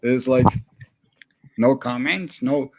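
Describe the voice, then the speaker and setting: A man hosting an online comedy show, chatty and halting, over a video call. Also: mid-range voice, background noise. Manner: halting and chatty, with fillers and chuckles.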